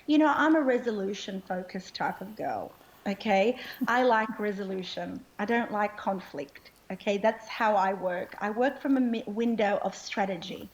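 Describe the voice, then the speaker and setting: A woman's voice: mid-range voice, animated, moderate pace, low-quality recording. A woman speaking in an interview, earnest and impassioned, often checking in with "okay?". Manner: earnest, keeps asking "okay?". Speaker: interview guest.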